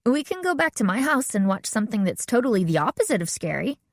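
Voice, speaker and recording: A woman's voice: a little high, sing-song, fast talker, dry recording, studio quality, voice pushed up. A woman voicing a practical, matter-of-fact teenage girl in an audiobook.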